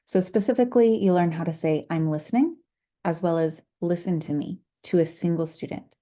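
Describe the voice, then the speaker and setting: Patient, mellow-voiced woman teaching Spanish. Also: on the low side. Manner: clear, patient, slows to model pronunciation. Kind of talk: instructional video lesson.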